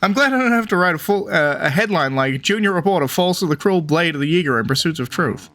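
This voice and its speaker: A man's voice: a little high, animated, quick pace, fairly bright tone. A man voicing an eager male bird reporter in a game, friendly and jumpy, who keeps calling the listener partner. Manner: upbeat, calls listener partner.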